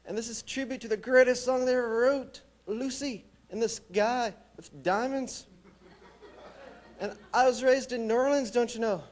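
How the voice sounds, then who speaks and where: A young man from New Mexico doing a stand-up comedy set with a deadpan, wry delivery. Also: very high-pitched, normal speed. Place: small college theatre stage.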